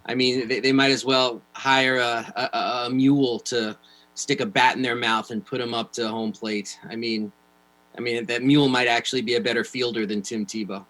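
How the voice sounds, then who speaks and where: A man from New York, a guest on a panel show, talking sports in a wry, fast way with many restarts. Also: mid-range voice, level tone, fairly bright tone, low-quality recording. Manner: wry, quick, restarts often. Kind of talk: casual panel chat.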